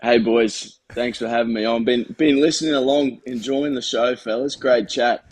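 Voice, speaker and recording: A man's voice: mid-range voice, fairly even intonation, moderate pace, dry recording. An Australian man in his thirties, a former rugby player guest joining by video call, chatty, enthusiastic and self-deprecating.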